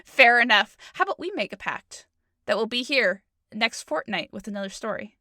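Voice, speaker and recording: Brief: woman podcast co-host, casual chat, lively and bright, giggly and self-deprecating, dry close sound. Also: a little high, normal speed, no echo.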